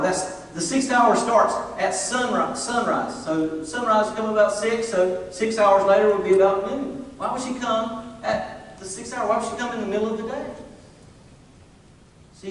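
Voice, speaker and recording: A middle-aged man, preaching a sermon with funny, animated storytelling. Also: high voice, a little hiss or hum. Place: church sanctuary. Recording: distant, echoey church hall.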